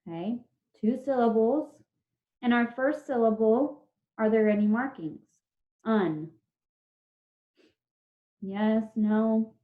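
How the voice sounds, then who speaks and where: A woman teacher giving an online spelling lesson over a video call, dictating words slowly and drawn out, patient and encouraging with her class. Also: fairly high pitch, steady tone. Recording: dull lo-fi video call audio.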